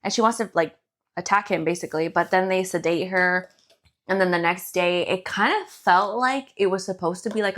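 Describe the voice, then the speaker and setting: A woman co-hosting a podcast, casually recapping a book in animated detail, acting out the characters' lines and laughing often. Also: medium pitch. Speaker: podcast co-host.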